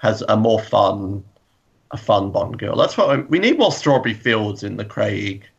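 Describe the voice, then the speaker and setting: Gravelly guy rambling on a podcast, laughs a lot, kinda muffled lo-fi sound. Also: lowish voice, expressive, moderate pace. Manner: enthusiastic, rambling, laughs often. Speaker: podcast co-host. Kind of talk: casual chat.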